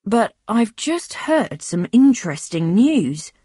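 A woman voicing a gentle, concerned man. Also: fairly high pitch, sing-song, slow pace, husky, no room sound, clean studio sound, voice pushed up, full character voice.

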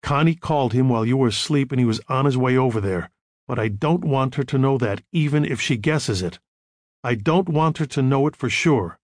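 A man voicing a calm, controlled counselor who gives quiet, measured instructions. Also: medium pitch, no room sound, clean studio sound, close to an everyday voice. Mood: firm.

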